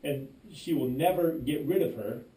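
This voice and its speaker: A man's voice: mid-range voice, animated, normal speed, dark tone, distant mic. A man, co-hosting a casual podcast and telling a story with lots of restarts and quoting himself. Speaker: podcast co-host. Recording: roomy echo, voice away from the mic.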